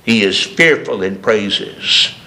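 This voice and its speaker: A man preaching a sermon with passion, repeating phrases for emphasis and climbing from low murmurs to high, ringing cries. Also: slow pace, gravelly, sharp tone.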